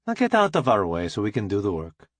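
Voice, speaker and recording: A man voicing a brisk, bossy woman scientist with a no-nonsense manner. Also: on the low side, wildly swooping pitch, no room sound, pitched below the performer's own voice.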